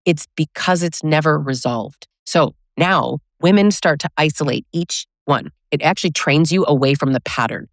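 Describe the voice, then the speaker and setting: A woman's voice: sits low, moderate pace, few pauses, no room sound, studio quality. A woman hosting a video, giving emphatic and blunt advice straight to the viewer. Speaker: host. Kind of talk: direct-to-camera advice monologue.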